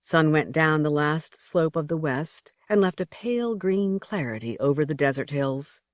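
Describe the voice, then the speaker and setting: Low-voiced woman narrating expressively. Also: lively intonation, moderate pace, no room sound, clean studio sound. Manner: vivid, rhythmic storytelling. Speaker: audiobook narrator.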